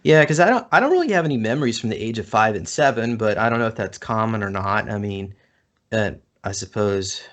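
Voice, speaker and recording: Low-voiced man, hesitant on a call. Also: animated, a little fast. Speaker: guest. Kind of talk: casual online chat. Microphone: video call.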